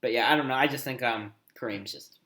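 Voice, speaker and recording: A man co-hosting a podcast in a casual sports debate, thinking aloud and often trailing off into quiet mumbles. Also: mid-range voice, quick pace, reverberant. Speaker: podcast co-host.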